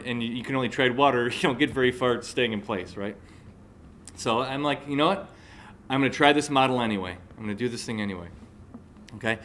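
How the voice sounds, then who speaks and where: Man, forties, motivational speaker, chatty, keeps asking the crowd, mid-pitched voice, faint hiss. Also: fairly bright tone. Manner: conversational, checks in with the audience. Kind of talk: live motivational talk. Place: room with a live audience.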